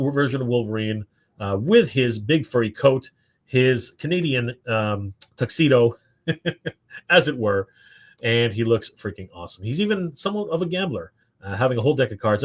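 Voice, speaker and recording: A man hosting a live stream, rambling excitedly with lots of fillers and restarts. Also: mid-range voice. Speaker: toy show host. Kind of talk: casual live-stream commentary.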